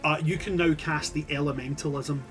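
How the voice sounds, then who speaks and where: Chatty game master guy, a bit high voiced, rambly and sweary, faint music behind. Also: fairly even intonation, a little fast. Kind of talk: narrating a tabletop game.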